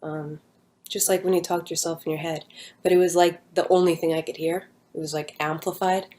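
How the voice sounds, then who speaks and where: A woman's voice: lowish voice, level tone, brisk, dark tone. A young woman talking at home, telling a personal story in a rambling casual way with many fillers and restarts. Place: at home with her dog nearby.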